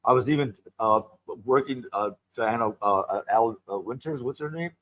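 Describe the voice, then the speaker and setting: An older man, a guest performer, telling animated, gossipy show-business stories in casual chat and acting out the people he quotes. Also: mid-range voice, moderate pace, dry recording, low-quality recording. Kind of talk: casual storytelling. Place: radio studio.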